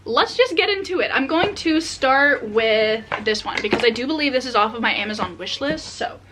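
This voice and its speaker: A young adult woman vlogging casually as she unboxes books, excitable and chatty with many filler words. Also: on the high side, moderate pace, background noise. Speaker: book vlogger.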